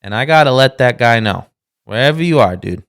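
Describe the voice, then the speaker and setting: A man's voice: medium pitch, animated, a little fast, creaky, fairly bright tone, clean tone. A man in his thirties co-hosting a casual podcast, rambling with many restarts and swearing as he talks. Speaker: podcast co-host.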